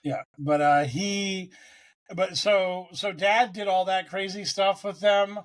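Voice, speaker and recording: A man's voice: sits high, slow. A man co-hosting a casual sports podcast, rambling and profane as he tells stories. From United States. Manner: rambling, profane, animated storytelling. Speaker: podcast co-host.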